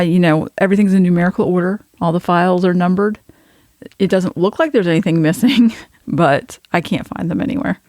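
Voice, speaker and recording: A woman with a gravelly, creaky voice co-hosts a podcast in casual chat. She mostly backs up her co-host with short replies, then tells a story at length when she takes the floor. The sound is dry and close. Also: lowish voice, a little mellow, dry recording.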